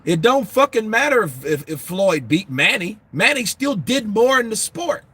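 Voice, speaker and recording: Husky, profane boxing show host. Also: male voice, high voice, normal speed. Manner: profane, animated, laughing often. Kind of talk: casual live commentary answering viewers.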